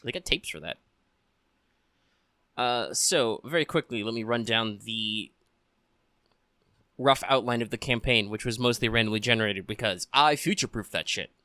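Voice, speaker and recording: Bright-voiced male game master. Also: mid-range voice, normal speed, pauses often, no room sound, studio quality. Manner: relaxed and joking, with many fillers. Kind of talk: casual tabletop game narration.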